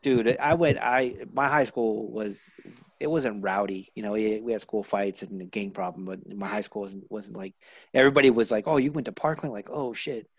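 A man telling stories in casual chat, profane and animated, acting out the quotes. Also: lowish voice, normal speed, husky, no echo.

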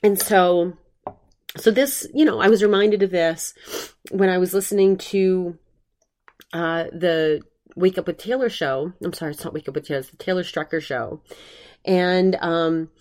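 A woman's voice: fairly low pitch, a little slow, a little mellow. Earnest rambling woman podcast host. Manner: rambling, earnest, many restarts and fillers. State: emotional, recovering from covid. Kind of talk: solo podcast monologue.

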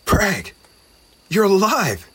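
A man voicing a small, timid young male goblin in a storybook, high and emotional, with a husky edge. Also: lively intonation, unhurried, exaggerated voice. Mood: overjoyed.

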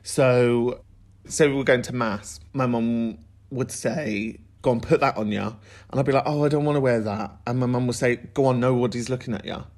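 A man's voice: mid-range voice, moderate pace, a little mellow. Chatty male podcast host. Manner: chatty, laughing storyteller. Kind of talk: casual chat.

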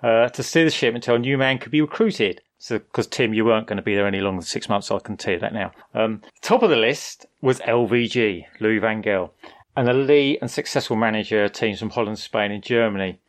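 A man's voice: fairly low pitch, brisk. A man co-hosting a casual football podcast, telling a story in a chatty way with sarcastic asides. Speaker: podcast co-host.

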